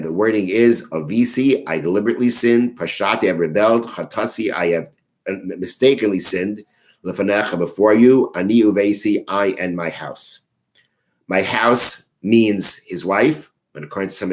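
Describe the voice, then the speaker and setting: A very deep-voiced man leads a daily Mishnah study. He reads each Hebrew phrase aloud, then translates and explains it. He often stops mid-sentence to rephrase. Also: low-quality recording. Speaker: teacher of a daily Mishnah class. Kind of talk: religious text study lesson.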